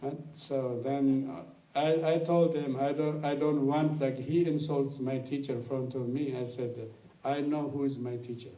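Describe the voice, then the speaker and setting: A man's voice: mid-range voice, level tone, moderate pace, dark tone. A man giving a talk as a guest teacher, telling a personal anecdote and laughing often as he goes. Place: lecture room. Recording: roomy hall, mic at a distance.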